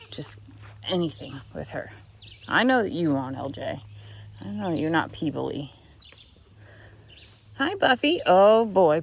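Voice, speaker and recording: A woman's voice: vocal fry, a little hiss or hum. Cooing woman narrating farm chores outdoors. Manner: coos in a high sing-song to the animals, then drops to a low chatty voice. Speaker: farm animal sanctuary keeper. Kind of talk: casual vlog narration. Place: outdoors on a farm among animals.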